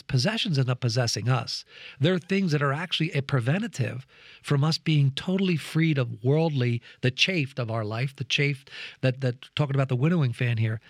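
A man tells a personal story with earnest, preacher-like conviction and slips into the voices of the people in it. His speaking voice sits at a middle pitch, and the recording is close and dry. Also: no echo. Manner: lively storyteller who acts out quoted voices. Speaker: program co-host sharing reflections. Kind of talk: animated storytelling reflection.

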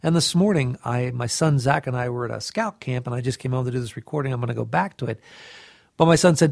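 A man's voice: mid-range voice, fast talker, gravelly, darkish tone, dry recording, clean studio sound. A middle-aged man sharing an earnest, heartfelt devotional reflection and often restarting his phrases. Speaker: co-host of a faith reflection show.

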